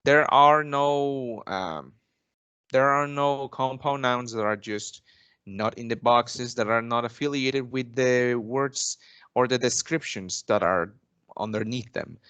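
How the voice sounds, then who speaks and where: A man's voice: mid-range voice, a little slow, a bit bright, smooth, no echo, highs cut off. Young man teaching in a dry room. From Mexico. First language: Spanish. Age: young adult. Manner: formal, polite, stacks "actually" and restarts. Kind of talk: English lesson role-play.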